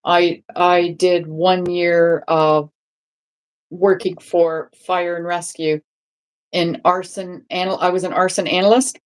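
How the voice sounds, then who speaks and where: A woman with a lowish voice chats loosely on a live stream. She rambles, restarts her sentences and keeps checking in with "right?". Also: level tone, slow pace. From England. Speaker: guest. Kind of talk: casual live-stream chat.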